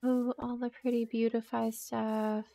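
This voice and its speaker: A woman's voice: a little high, little pitch movement, a little slow, creaky, warm tone. A woman hosting a game playthrough in casual commentary, chatty and exclaiming as she talks to the creatures on screen. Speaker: let's play host.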